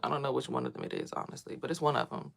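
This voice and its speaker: Fast-talking woman with a gravelly low voice. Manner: animated, swears freely, acts out what others said. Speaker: vlogger. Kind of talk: casual personal storytelling.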